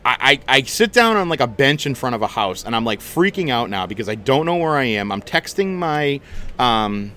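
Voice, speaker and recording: A man hosting a podcast, telling a story in a casual, animated, chatty way and swearing freely. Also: medium pitch. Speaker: podcast host.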